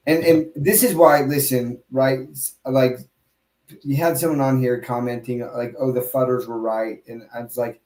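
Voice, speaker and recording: A man hosts a casual podcast chat and talks with a lot of emphasis, breaking off into quick asides and restarting his sentences. His voice sits in a middle range, and the room around him sounds noticeably echoey. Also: medium pitch, a little mellow. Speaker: podcast host.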